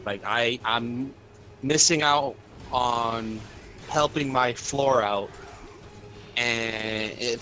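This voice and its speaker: A man's voice: mid-range voice, pushed and bright. A young man streaming and ranting about his work day in casual chat, cursing a lot and filling with "like". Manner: profane, rambling venting with lots of fillers.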